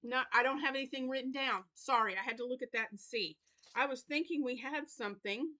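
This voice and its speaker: A woman with a light Southern US accent and a bright, fairly high voice rambles through a casual update about her week. She is tired and yawning, filling pauses with ums and apologies as she thinks aloud. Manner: rambling, chatty, with many fillers and apologies. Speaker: crochet channel host. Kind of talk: casual weekly update vlog.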